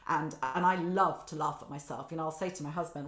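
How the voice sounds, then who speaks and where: A woman's voice: low-pitched, fairly even intonation, a little fast, a bit bright. A middle-aged woman, a guest talking reflectively and with animation, often acting out quotes and laughing at herself. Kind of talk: reflective conversational chat. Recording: roomy echo.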